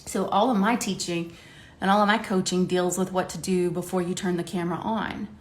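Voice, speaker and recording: A middle-aged woman from Ohio, a makeup coach chatting to camera while doing her makeup, talkative and quick to laugh. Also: lowish voice. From Ohio, USA. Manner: chatty, laughing, lively quoted voices. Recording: echoey room.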